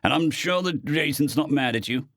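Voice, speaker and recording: A man doing a gruff weary captain. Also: a little high, moderate pace, fairly bright tone, no echo, voice pushed up. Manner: dry, grumbling, mildly teasing. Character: gruff weary adult male spaceship captain. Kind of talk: audiobook character voice.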